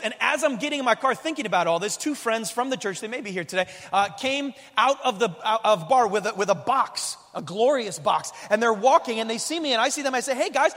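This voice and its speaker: A male pastor with a fairly high voice delivers a sermon that moves between hushed prayer and animated storytelling. His words ring out with a long reverb from the church hall around him. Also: fast talker. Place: church auditorium.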